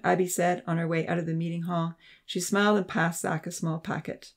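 Man reading a novel aloud, steady, bit of vocal fry. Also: a little high, fairly quick. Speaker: narrator. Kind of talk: audiobook narration.

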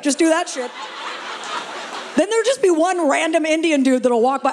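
High-pitched and quick, this female comic works a live room through a stage mic. Her stand-up is brash and playful, laced with swearing and banter with the audience.

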